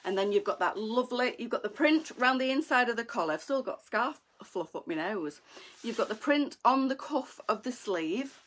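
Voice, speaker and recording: A woman's voice: on the high side, lively intonation, moderate pace, a bit bright. Chatty woman selling coats live. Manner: chatty, bubbly, greets viewers by name. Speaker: fashion boutique live seller. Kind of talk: live sales chat to viewers. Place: indoors, live video stream.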